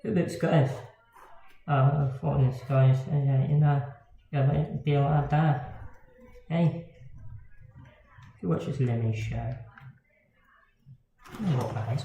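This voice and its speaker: A man muses aloud on a hobby livestream, drifting between thoughts, swearing offhandedly and knocking his own work. He talks slowly in a mellow, darker voice. The sound is roomy and a little dull, with faint noise and clicking behind him. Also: medium pitch, fairly even intonation, gravelly. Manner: rambling, swears casually, self-deprecating. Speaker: miniatures hobbyist streamer. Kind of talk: casual rambling livestream chat while drawing.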